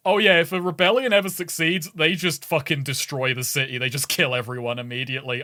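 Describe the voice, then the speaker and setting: A man's voice: a little high, steady tone, brisk, pushed and bright, dry recording, clean studio sound. A man co-hosting a podcast, recapping a video game in sweary, rambling casual chat and laughing often. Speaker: podcast co-host.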